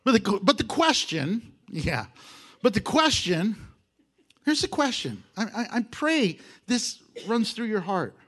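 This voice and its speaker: Male preacher, high and animated, folksy sermon delivery. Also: takes it slowly. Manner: expressive, folksy, laughs often.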